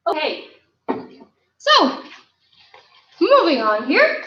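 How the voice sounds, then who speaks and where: A woman's voice: high voice, wildly swooping pitch, drawn-out words, sharp tone, slight background noise. A woman teaching an online martial arts class, giving upbeat coaching and counting reps aloud. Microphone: camera mic from a distance. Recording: roomy, distant, dull lo-fi sound.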